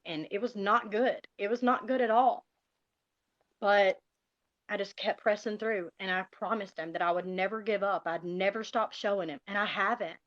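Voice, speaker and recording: A woman's voice: mid-range voice, fairly bright tone, no room sound. A middle-aged woman gives an emotional personal testimony on a live stream, speaking earnestly and often calling her listeners "you guys". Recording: dull, dry lo-fi sound.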